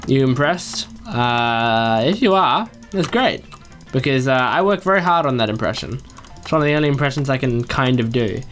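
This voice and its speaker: Guy narrating his gameplay, rambles to himself, squeaks up high when excited, middle pitch, faint music behind. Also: moderate pace. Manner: chatty, talks to himself and jumps to excited high yelps. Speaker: gaming YouTuber. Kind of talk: Let's Play commentary.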